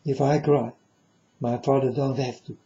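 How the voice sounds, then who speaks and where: A man's voice: medium pitch, level tone, measured pace, dark tone, highs cut off. A man speaking as a self-styled prophet in a rambling monologue to his viewers. He is solemn and repetitive and keeps addressing them as folks.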